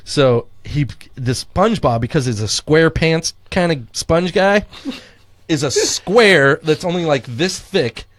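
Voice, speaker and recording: A man's voice: on the high side, lively intonation, slow pace, dry recording. A middle-aged man co-hosting a podcast in casual chat, a rambling storyteller who swears casually and acts out quotes. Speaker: podcast co-host. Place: studio.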